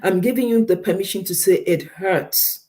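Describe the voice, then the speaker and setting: A woman counselor talks straight to radio listeners, driving her advice home through repetition. Her voice is mellow and darker than most. She speaks with steady, earnest emphasis. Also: mid-range voice, moderate pace. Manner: emphatic, repeats key points, direct advice to listeners. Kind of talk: counseling talk on a radio show.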